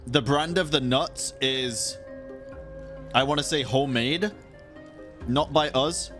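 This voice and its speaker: A male streamer reacts casually over game audio, joking, swearing, and rambling between bites of snacks. His voice sits at an everyday middle pitch, with faint music underneath. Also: slow, a bit bright. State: munching on snacks.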